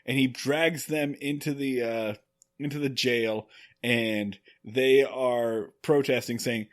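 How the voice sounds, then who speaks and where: A man co-hosting a podcast, recapping an old episode in animated, joking storytelling. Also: medium pitch, takes it slowly. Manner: animated storytelling with acted quotes and laughs. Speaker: podcast co-host. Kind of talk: casual chat recapping an episode.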